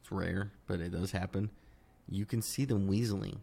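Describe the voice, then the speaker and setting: A man co-hosting a casual podcast conversation, talking in a lively way that climbs higher when he gets worked up, with frequent restarts. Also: normal speed, gravelly, slightly rough. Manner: animated, rising in pitch when worked up, many restarts. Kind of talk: casual political chat.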